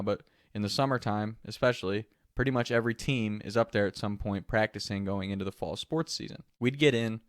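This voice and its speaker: A man's voice: on the low side, dry recording, studio quality. A young man telling a funny story from his teens in a casual way, often laughing as he goes. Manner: laughs through the telling, animated. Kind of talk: casual anecdote.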